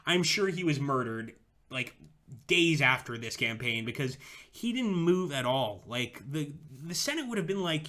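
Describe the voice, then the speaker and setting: Excitable young male game streamer, bright voice. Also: fairly high pitch, moderate pace. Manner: excitable, swears freely. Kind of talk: live game commentary.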